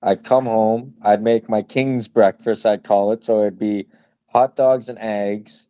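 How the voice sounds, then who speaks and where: A man's voice: fairly low pitch, steady tone, a little slow, dark tone, smooth, no room sound. A man in his twenties co-hosting a podcast, telling stories in casual slangy chat and laughing often. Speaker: podcast co-host.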